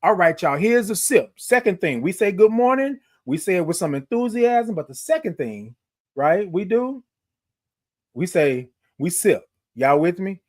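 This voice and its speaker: A man hosting a morning livestream from his phone, chatting with viewers, reading out their comments and stretching his good-mornings into long singsong calls. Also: high-pitched. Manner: animated, drawn-out singsong greetings, reads out viewer comments. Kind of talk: upbeat live-stream chat greeting viewers.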